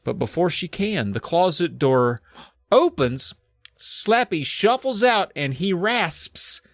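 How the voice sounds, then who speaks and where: A comedy podcast co-host bouncing through a plot recap with goofy asides. His voice sits a bit high and swings widely, dry and close to the mic. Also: takes it slowly, dry recording. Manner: animated, jokey storytelling.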